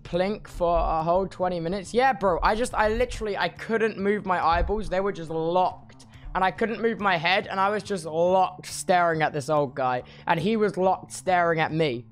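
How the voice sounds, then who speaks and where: A man's voice: high voice, normal speed. A groggy young man chats loosely on a live stream, his words a little thick after surgery. He rambles in casual slang, restarting sentences often, with faint music playing underneath. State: groggy after surgery, speech slightly impaired. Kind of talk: casual chat reading viewer messages.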